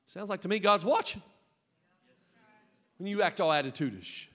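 A man preaching a Pentecostal sermon as pastor, emphatic and joking, dropping to a hush and then rising to loud cries. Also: sits high, animated, normal speed, long pauses. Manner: emphatic, swinging from hushed to loud, joking asides. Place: church sanctuary with balcony. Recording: long church hall reverb.

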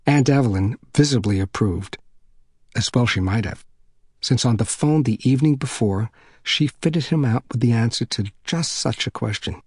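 Brief: male audiobook narrator, steady delivery, dry close recording. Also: medium pitch, breathy edge, dry recording.

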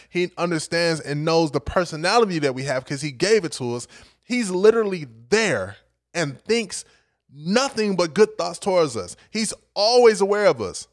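A man's voice: on the high side, no room sound. Conversational male preacher, dry close sound. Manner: conversational, energetic, storytelling. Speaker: young adult ministry speaker. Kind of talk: sermon with scripture reading.

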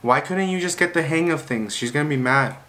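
A man's voice: fairly high pitch, lively intonation, a little fast, sharp tone. A man on a casual phone call, mixing English and Spanish as he plays along with a prank. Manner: code-switching between English and Spanish. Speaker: vlogger playing along with a prank.

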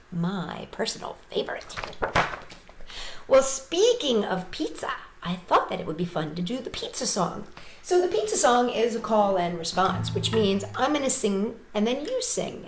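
A woman who entertains children, reading a picture book aloud in an animated, sing-song way with playful animal noises. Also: medium pitch, normal speed, echoey room, noisy background.

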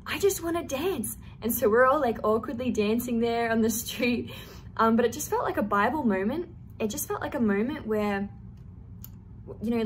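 A woman's voice: medium pitch, slight background noise. A young woman telling a personal faith testimony in an earnest, storytelling way, with casual fillers. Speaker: youth testimony speaker.

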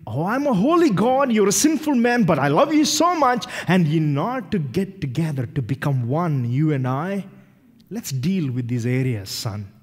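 A pastor voicing God, gentle and high. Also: male voice, sing-song, moderate pace, breathy edge, in a large hall. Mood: tender. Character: loving holy God speaking to a believer.

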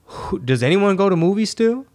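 A man's voice: sits high, lively intonation, normal speed, a little mellow. A man hosting a podcast, chatting casually and telling rambling stories full of swearing. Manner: profane, rambling storytelling. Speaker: podcast host.

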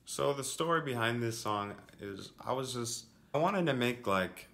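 A man's voice: mid-range voice, measured pace, creaky, reverberant. A man casually explaining how he produced his song, rambling with lots of fillers. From family roots in Jamaica and Brazil. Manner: relaxed, rambling with many fillers. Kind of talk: casual walkthrough.

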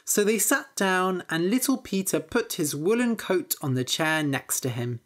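A woman narrating a fairytale slowly and clearly for English learners. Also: on the low side. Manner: slow and expressive. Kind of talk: slow, clear storybook narration.

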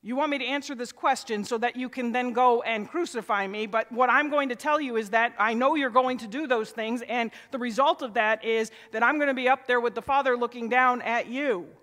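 A man's voice: extremely high pitch, a little fast, hardly any pauses, bright, forceful tone. A male pastor voicing a defiant man foretelling judgment, delivering an emphatic paraphrase during a sermon. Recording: long church reverb.

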